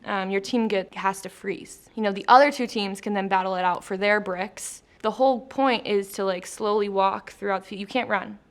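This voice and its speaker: A woman speaks at a normal pace with few pauses, her voice mid-range. She's a post-production traffic manager being interviewed casually in a company studio, chatty, quick to laugh and full of fillers as she explains her role between light questions.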